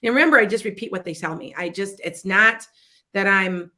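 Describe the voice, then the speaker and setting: A woman's voice: medium pitch, a little fast, pushed and bright. A middle-aged woman hosting a psychic talk show, chatting casually and rambling with frequent restarts. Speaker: psychic host.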